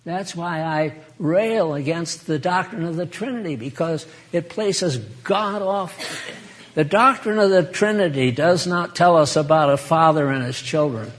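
A man preaching in a chatty, folksy way with a fairly high voice. He takes his time and stays unhurried. He laughs easily and talks straight to his listeners. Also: fairly bright tone. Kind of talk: informal sermon.

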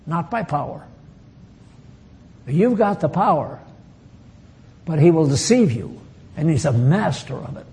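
A man's voice: a little high, creaky, a little mellow. An older man preaching a folksy sermon, bantering with the congregation and chuckling at his own asides.

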